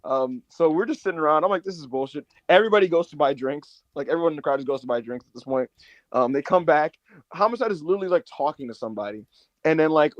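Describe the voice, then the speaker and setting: A man co-hosting a casual wrestling podcast, telling a long story with lots of swearing and high mock voices for the people in it. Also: no room sound, dull audio. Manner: animated storyteller, swears a lot, acts out others in high put-on voices. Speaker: podcast co-host.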